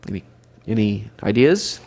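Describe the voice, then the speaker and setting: A man teaching a midweek Bible study in an animated way, chuckling and acting out the characters. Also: fairly low pitch, normal speed, vocal fry.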